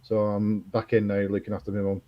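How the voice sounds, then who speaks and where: A man's voice: fairly low pitch, completely flat delivery, fairly quick, highs cut off. A man chatting as a guest on a live stream, blunt, jokey and opinionated. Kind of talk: casual live-stream chat.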